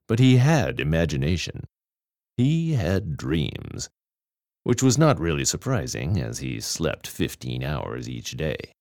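A man's voice: a bass voice, darkish tone, no room sound. A man reading a humorous story aloud with dry, wry comic timing. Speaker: reader. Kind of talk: storybook narration.

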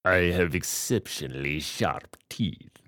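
A man's voice: low voice, expressive, takes it slowly, a bit bright, no echo, studio quality, full character voice. A man voicing a vain, theatrical male vampire who declaims melodramatically. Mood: boastful.

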